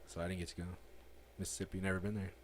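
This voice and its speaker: A man's voice: sits low, flat delivery, rapid-fire, no echo. A man co-hosting a podcast in casual chat, easygoing and agreeable, with many hesitant fillers. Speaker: podcast co-host.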